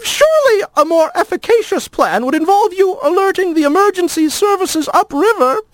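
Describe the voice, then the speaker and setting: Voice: lively intonation, normal speed, no room sound. A storyteller voicing a timid, fussy male lizard who talks in a wobbly voice with stiff, overly proper words in a radio story reading. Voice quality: wobbly, high. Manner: pompous, overly proper wording. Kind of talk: audio drama reading.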